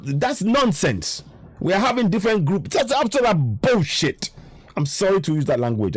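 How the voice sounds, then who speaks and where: A man's voice: a little high, sing-song, moderate pace, slightly rough, dry recording. A Nigerian man with a Yoruba-tinged accent, giving a frustrated, impassioned political monologue and repeating himself for emphasis. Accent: Nigerian English, Yoruba. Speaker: online commentator.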